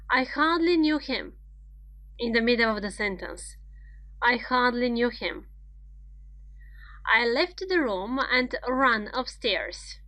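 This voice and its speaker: A woman's voice: fairly high pitch, sharp tone, no room sound, rough recording. A woman teaching grammar in an online lesson, explaining step by step and reading out example sentences.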